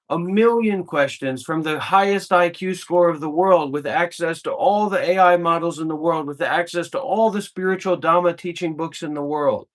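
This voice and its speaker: A meditation teacher gives an informal spiritual talk, blunt and profane, hammering his points home through emphatic repetition. His voice is a little high.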